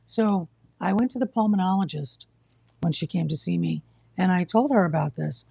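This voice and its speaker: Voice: medium pitch, normal speed, gravelly, mellow, slightly rough, dry recording. A live-stream host, short of breath and coughing, telling of hospital care in a blunt, exasperated, lecturing way. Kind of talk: casual live-stream monologue.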